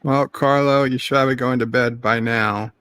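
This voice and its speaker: A man's voice: mid-range voice, steady tone, normal speed, a bit bright, smooth, dry recording. A man hosting a casual livestream chat, joking with his guests and reading out viewer messages. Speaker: host.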